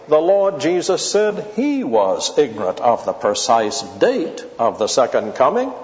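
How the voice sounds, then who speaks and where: A man giving an expository Bible lecture, deliberate and emphatic, stretching out key words for stress. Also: a little high, darkish tone. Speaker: Bible teacher. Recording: dull lo-fi tape in a reverberant hall.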